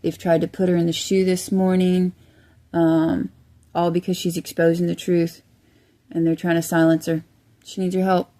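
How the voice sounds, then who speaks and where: A woman's voice: on the low side, level tone, moderate pace, warm tone. A woman commenting on a shared video, earnest and urgent as she calls on listeners to help. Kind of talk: casual commentary.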